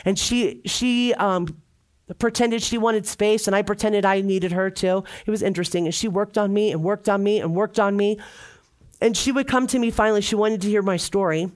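A middle-aged woman shares her personal testimony before a church gathering. Her voice sits at an ordinary middle pitch, and she speaks earnestly and from the heart, often repeating phrases for emphasis. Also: moderate pace. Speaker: church member giving testimony.

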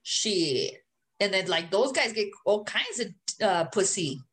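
A woman with a high, girlish voice co-hosting a podcast, chatting casually in a blunt, profane way and laughing a lot. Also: animated, a little slow, fairly bright tone. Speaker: podcast co-host. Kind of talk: casual chat.

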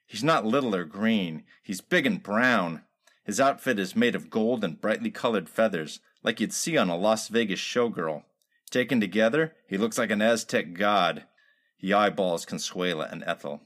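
A man reading a comic detective story aloud in a wry, deadpan hard-boiled manner. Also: lowish voice, moderate pace.

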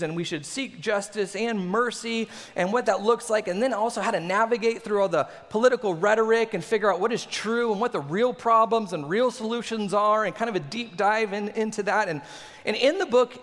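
A man, preaching a sermon in an animated, conversational way with laughs. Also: high voice, big-room sound. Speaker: pastor.

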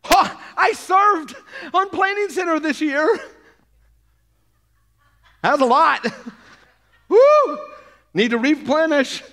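A man preaching an energetic sermon to a congregation, often acting out playful quoted voices. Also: very high voice, slow, long pauses. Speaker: pastor.

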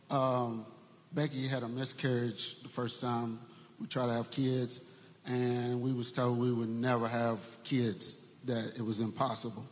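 A man sharing a church testimony story in an earnest, halting way, with many fillers and restarts. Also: medium pitch. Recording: dull sound with long hall reverb.

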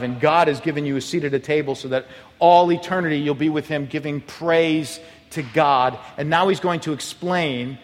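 A male pastor preaching a sermon, telling stories with animated delivery that climbs toward near shouting. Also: on the high side, in a large hall. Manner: animated storytelling, rises to near shouting at climaxes. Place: church hall.

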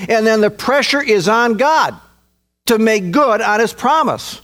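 A man's voice: high-pitched, expressive, measured pace, a bit bright. A man preaching a sermon in an earnest, emphatic way, often repeating himself. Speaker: pastor.

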